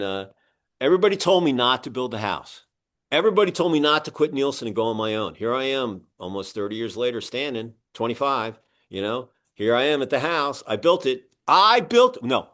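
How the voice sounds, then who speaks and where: A man hosting an interview, chatting casually and telling animated stories. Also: medium pitch, moderate pace. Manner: animated storyteller, acts out other people's voices. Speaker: podcast host and publisher.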